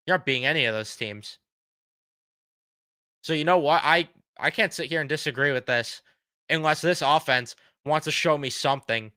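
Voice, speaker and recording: A man hosts a fan reaction stream, blunt and sarcastic in his frustration, with his voice going hoarse. His tone is bright and smooth. The recording is close and dry. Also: a little high, dry recording. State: losing his voice. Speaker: sports fan show host.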